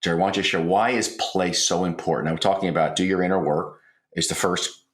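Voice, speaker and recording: A man's voice: deep voice, a little fast. A man in his sixties co-hosting a podcast, talking earnestly and telling family stories. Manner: earnest, storytelling, voice lifting when excited. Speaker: podcast co-host. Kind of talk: conversational podcast talk. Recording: roomy echo.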